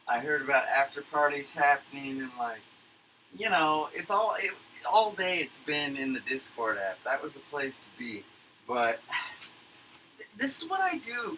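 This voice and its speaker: A man with a high-leaning, pushed, bright voice livestreams from his computer at home, recapping a conference. He rambles casually, swearing often and leaning heavily on fillers, over slight background noise on a low-quality recording.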